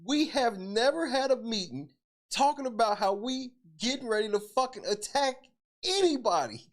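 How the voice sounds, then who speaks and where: A man's voice: very high voice, animated, moderate pace. A man hosting a podcast, ranting casually with lots of profanity and laughing between his points. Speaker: podcast host.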